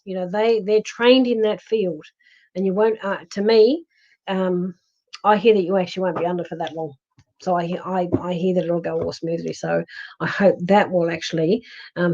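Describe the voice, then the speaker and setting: A mellow, medium-pitched Australian woman hosts a psychic livestream, and the recording's highs are cut off. She reads through viewer comments with friendly reassurance, frequently hesitating with ums and beginning again.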